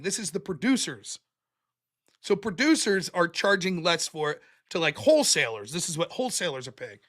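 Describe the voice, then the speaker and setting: A man's voice: sits high, a bit bright. A man hosting a show, delivering a blunt, profane, sarcastic political commentary rant. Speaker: show host.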